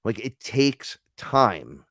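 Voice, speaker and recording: A man from New York, a podcast guest, telling stories in a casual, animated way, swearing and acting out the dialogue. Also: on the low side, drawn-out words, no room sound, clean studio sound. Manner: animated, profane, acts out quoted dialogue. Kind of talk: casual storytelling conversation.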